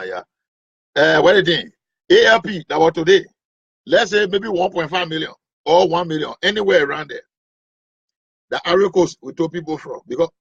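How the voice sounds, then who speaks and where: A male comedian, telling stories in an animated, rambling way. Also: a little high, vocal fry, husky. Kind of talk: stand-up storytelling. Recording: dull lo-fi recording.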